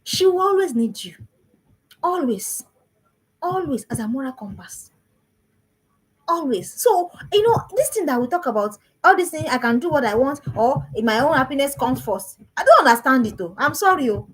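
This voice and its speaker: A woman's voice: sits high, very animated, normal speed, rough recording. A woman, a parenting coach giving an emphatic talk to parents and repeating phrases for stress.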